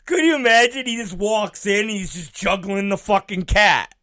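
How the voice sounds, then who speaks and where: A man's voice: high-pitched, moderate pace, sharp tone. A male show host rambling profanely in a casual podcast rant.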